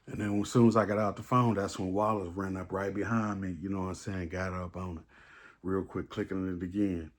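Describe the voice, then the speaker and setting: A man's voice: low voice, little pitch movement, fairly quick. A man telling a story in a loose, rambling way, with lots of fillers and profanity. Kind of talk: casual storytime monologue.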